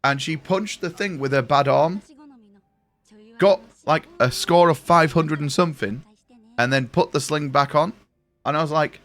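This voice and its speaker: A man's voice: on the high side, measured pace, fairly bright tone, soft background music. A young man streaming a game live, rambling and swearing as he tells stories to friends. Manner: rambling, swears, chatty storyteller. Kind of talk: casual live-stream chat while gaming.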